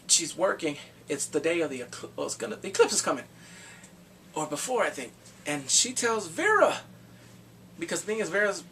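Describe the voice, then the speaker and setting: A man with a fairly high voice retells a movie's plot in a loose, rambling, excitable way, dropping blunt crude slang as he goes. He sits back from the microphone. A faint background noise runs under his talk. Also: far from the mic. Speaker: movie reviewer. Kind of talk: casual spoken movie recap.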